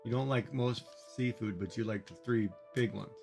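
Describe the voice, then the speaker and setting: A man's voice: medium pitch, steady tone, normal speed, vocal fry, a little mellow, soft background music. A man chatting casually with viewers while playing a game on a livestream, musing aloud about food. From Canada. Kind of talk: casual chat while gaming.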